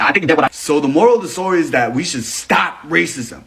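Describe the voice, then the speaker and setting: A man's voice: on the high side, expressive, quick pace, few pauses, a bit bright. A man giving casual commentary to camera, joking and rambling, with some swearing.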